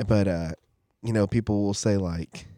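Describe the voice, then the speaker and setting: A man's voice: lowish voice, fairly even intonation, normal speed, dark tone, no room sound. Rambling male podcast host. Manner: rambling, storytelling with quoted voices. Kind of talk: casual chat.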